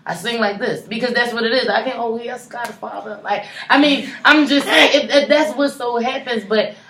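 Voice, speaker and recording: A woman co-hosting a casual podcast chat, emphatic and animated, swearing freely. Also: on the high side, normal speed. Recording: echoey room with faint noise.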